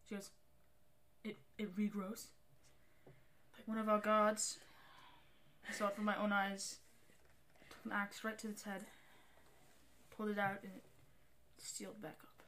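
A woman narrating a tabletop game as game master, halting with frequent ums. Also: medium pitch, monotone, fairly bright tone, slight background noise.

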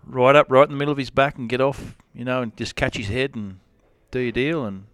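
Rambling Australian cowboy, smooth voice. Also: male voice, medium pitch, fairly quick, a bit bright, no echo, clean studio sound. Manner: rambling, lots of "you know" and restarts. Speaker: rodeo cowboy guest. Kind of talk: casual storytelling interview.

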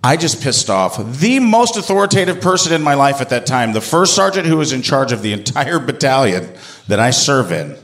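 A man telling a personal story to an audience in an animated, comic, self-mocking way. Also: lowish voice.

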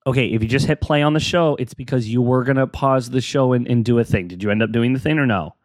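A man's voice: medium pitch, quick pace, no room sound, studio quality. A young adult man hosting a casual solo podcast, rambling and self-deprecating while he encourages his listeners. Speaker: podcast host.

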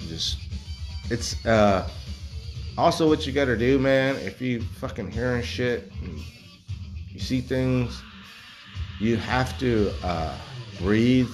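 A man's voice: medium pitch, slow pace, long pauses, soft background music. A man in his forties talking candidly in a rambling monologue, blunt and heavily profane. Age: 40s.

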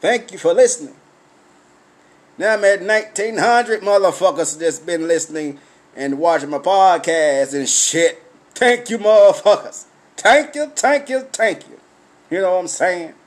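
Profane, high-voiced man telling stories. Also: measured pace. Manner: profane storytelling, loud cackling laughs. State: drinking. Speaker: podcast host. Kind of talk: raw casual monologue.

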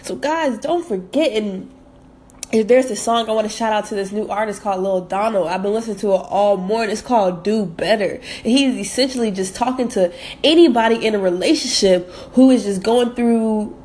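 A woman's voice: medium pitch, normal speed, darkish tone. A woman from the States, hosting a motivational podcast and repeating phrases for emphasis. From southern United States. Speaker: podcast host.

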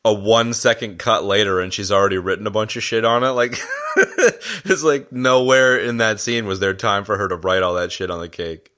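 Bright-voiced man telling a story with giggles. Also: on the low side, steady tone, fairly quick. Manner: giggly storyteller, laughs mid-sentence. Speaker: podcast co-host. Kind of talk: casual movie review chat.

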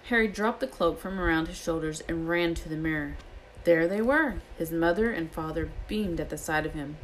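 A woman's voice: low voice, moderate pace, a little hiss or hum, rough recording. Woman reading a novel aloud. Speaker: reader.

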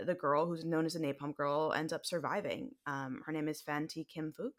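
A woman's voice: deep voice, a bit bright. A young American woman in her twenties co-hosting a podcast, talking in a chatty way with frequent ums and likes. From United States. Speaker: podcast co-host. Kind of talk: conversational podcast discussion.

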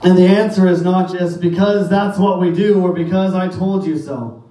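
High-voiced preacher in an echoey church. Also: male voice, steady tone, moderate pace, dark tone. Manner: emphatic preaching, quoting scripture in King James wording. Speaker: pastor. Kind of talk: sermon. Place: church sanctuary. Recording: very echoey church hall, mic at a distance.

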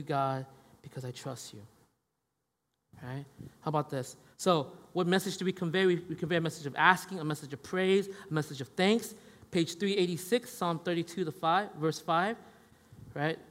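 A man delivers a sermon in a relaxed, conversational manner, often tagging his points with a quick question to the room. His voice sits a little high for a man. The sound carries a long reverb from a large hall. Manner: conversational, frequent "right?" tags. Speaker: pastor.

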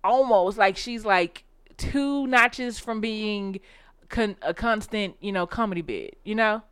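A woman's voice: medium pitch, slow, a bit bright, clean tone, no echo. A woman co-hosting a podcast recap, chatting casually, laughing often and restarting her sentences. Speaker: podcast co-host.

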